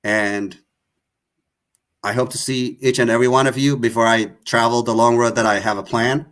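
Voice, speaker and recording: A man's voice: medium pitch, little pitch movement, moderate pace, fairly bright tone. Impassioned man hosting. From Tigray. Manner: emotional, accusatory, repetitive. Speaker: online show host. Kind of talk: impassioned political talk.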